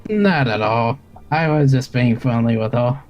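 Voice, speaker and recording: Male player in character, mid-pitched, formal and stammering. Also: unhurried, muffled recording, soft background music. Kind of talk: in-character role-play.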